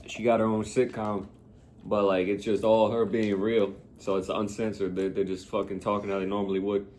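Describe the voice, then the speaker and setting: A man's voice: on the low side, level tone, normal speed, a little mellow, a little hiss or hum. A young man co-hosting a podcast, laid-back and agreeable in casual chat. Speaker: podcast co-host.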